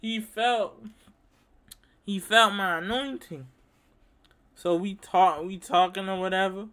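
Young male host, bright crisp voice, profane rambling monologue. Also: high-pitched, slow pace. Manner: profane, rambling, animated storytelling. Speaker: podcast host. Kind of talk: casual monologue.

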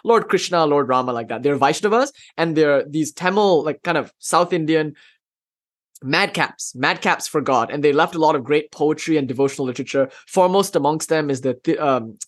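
A man telling a legend in a lecture, casual and slangy, with lively retelling. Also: a little high, moderate pace. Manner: casual and slangy, with bursts of swearing and laughter. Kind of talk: storytelling lecture.

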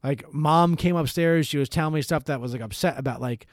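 A young man in casual chat, telling animated, rambling stories full of swearing. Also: fairly high pitch, fairly quick, dry recording, clean studio sound.

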